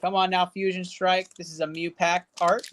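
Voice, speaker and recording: With a lowish voice, a flat delivery, and a moderate pace, this woman opens card packs on her live stream, calling out running card value totals. The sound is a bit bright with a little hiss or hum, and she cheers and banters casually with chat.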